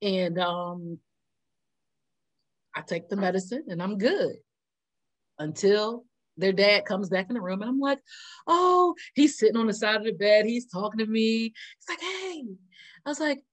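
A woman's voice: mid-range voice, measured pace, long pauses. A woman co-hosting a casual chat, telling a story with lots of laughter and acted-out quotes. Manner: animated, laughs often, acts out quotes. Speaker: co-host.

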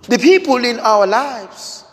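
A man preaching a sermon, slow and dramatic, building through repeated rhetorical questions. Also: very high voice, lively intonation. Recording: long hall reverb.

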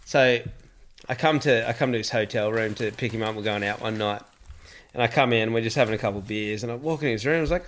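A man's voice: medium pitch, fast, a bit bright. A man chatting casually, telling a funny story and laughing easily. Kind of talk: casual chat.

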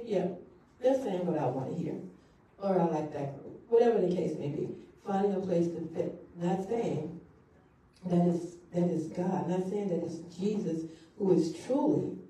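A woman's voice: on the low side, warm tone. A woman pastor preaching a sermon, repeating key phrases for emphasis. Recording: echoey hall from far off.

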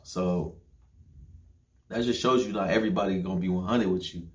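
A young man casually telling a long personal story, profane and slangy, getting animated as he quotes people. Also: low-pitched, normal speed.

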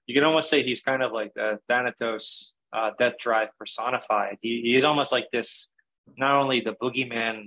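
A man's voice: mid-range voice, sharp tone, low-quality recording. A man in casual film discussion, thoughtful and a bit hesitant as he searches for words.

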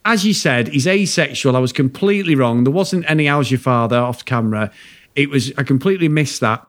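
A man's voice: mid-range voice, expressive, a little fast. A man co-hosting a podcast, ranting about a film in casual, sweary, exasperated chat. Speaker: podcast co-host.

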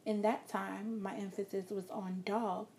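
A woman with a mellow, warm tone teaching a lesson on vocal delivery. She speaks in a calm, reassuring way and plays with her volume and pace to demonstrate her points. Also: mid-range voice, measured pace, a little hiss or hum. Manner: calm, encouraging, shifts loudness and pace to demonstrate. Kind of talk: instructional talk.

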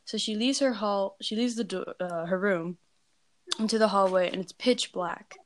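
A woman's voice: medium pitch, normal speed, dry recording. A woman casually telling a scary story, rambling with lots of fillers and valley-girl phrasing.

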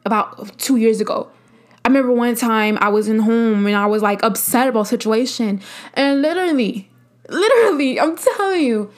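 A young adult woman talks through her solo podcast in a casual, heartfelt manner. Her voice sits a little high, and she leans on repeated phrases for emphasis. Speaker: podcast host.

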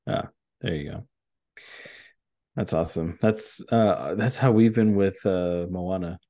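A man co-hosting a podcast, talking in a laid-back, halting way with lots of fillers. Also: deep voice, warm tone. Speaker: podcast co-host. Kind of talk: casual chat.

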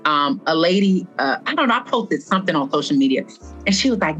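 A woman's voice: fairly low pitch, sing-song, fast, a bit bright, breathy edge, lo-fi sound, soft background music. A woman, a fitness instructor, speaking earnestly as a podcast guest and repeating phrases for stress. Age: adult past her twenties. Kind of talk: heartfelt podcast conversation.

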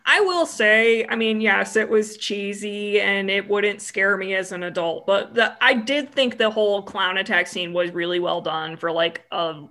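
A woman's voice: medium pitch, unhurried, few pauses, sharp tone. A woman co-hosting a podcast in casual chat, laughing often and talking with many "like" fillers. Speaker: podcast co-host.

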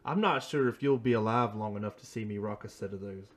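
A man's voice: lowish voice, fast. A man in his thirties hosting a casual podcast, laid-back and rambling, laughing at his own jokes. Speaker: podcast host.

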